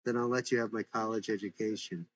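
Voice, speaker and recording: A man's voice: lowish voice, steady tone, fast talker, slightly rough. A man doing an earnest teenage son. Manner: earnest, reassuring. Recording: dull lo-fi recording.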